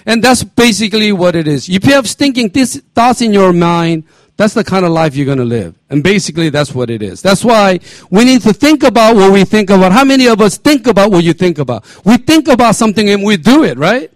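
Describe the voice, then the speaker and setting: A man's voice: sits high, lively intonation, a little fast, dry recording. A middle-aged man preaching a sermon as pastor, emphatic, repeating phrases and asking his congregation questions.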